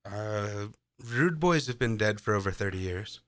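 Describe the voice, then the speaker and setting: Man with a bright, tense voice making snarky quips over a movie, dry sound. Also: fairly low pitch, lively intonation, measured pace, no room sound. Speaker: podcast co-host. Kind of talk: casual chat riffing over a movie.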